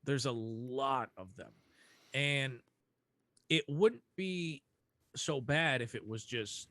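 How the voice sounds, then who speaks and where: A man's voice: mid-range voice, slow, a bit bright, no room sound. A young man co-hosting a casual hockey podcast, talking animatedly, laughing often and swearing casually. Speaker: podcast co-host. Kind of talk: casual chat.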